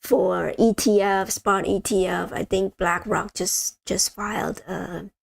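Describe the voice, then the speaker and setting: Woman, livestream host, slow, gravelly, rambling, lots of fillers, dry sound. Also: mid-range voice, steady tone, no echo. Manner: rambling, many ums, addresses viewers as you guys. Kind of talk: casual livestream chat.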